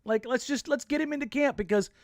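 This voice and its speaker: A man's voice: very high-pitched, quick pace, dry recording, studio quality. A man co-hosting a casual sports podcast, telling stories in a blunt, jokey way. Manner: animated storyteller, jokey and blunt. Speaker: podcast co-host.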